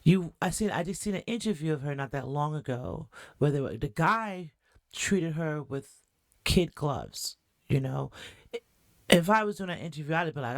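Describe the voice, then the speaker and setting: A woman's voice: deep voice, lively intonation, moderate pace, dry recording, studio quality. A woman hosting a podcast, chatting animatedly through a reaction breakdown and asking her audience questions. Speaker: podcast host. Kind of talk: reaction commentary.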